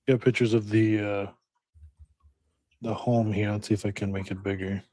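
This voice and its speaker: A man co-hosting a casual podcast, recorded dry and close with no room sound. He talks hesitantly and fills pauses with ums while he looks things up. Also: lowish voice, little pitch movement, warm tone, no room sound. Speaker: podcast co-host.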